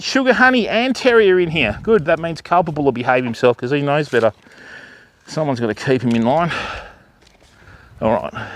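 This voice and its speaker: Chatty Australian man, lively pitch. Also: a little fast. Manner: chatty, greets viewers and coos at animals in a raised voice. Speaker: livestream host. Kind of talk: live-stream walkthrough chatting with viewers. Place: outdoor wildlife park enclosure.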